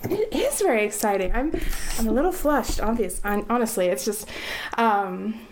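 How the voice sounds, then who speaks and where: A woman's voice: fairly high pitch, animated, normal speed, noisy background. A woman from the United States, hosting a podcast in a bubbly, gushing way and laughing easily. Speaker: podcast host. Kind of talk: casual interview chat.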